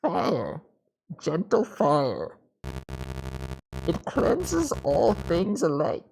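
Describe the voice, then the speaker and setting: A woman's voice: lowish voice, wildly swooping pitch, gravelly, darkish tone, exaggerated voice, rough recording. A woman voicing a fire-obsessed male villain, reading game dialogue aloud in a theatrical, brooding way. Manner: theatrical, slow and brooding, breaking into ecstatic shrieks. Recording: music playing behind the voice.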